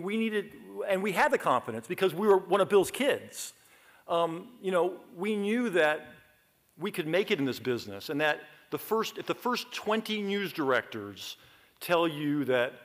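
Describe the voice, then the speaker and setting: A middle-aged man from Georgia, giving a humorous acceptance speech full of lively asides. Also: fairly high pitch. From Athens, Georgia, US. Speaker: award honoree giving a speech.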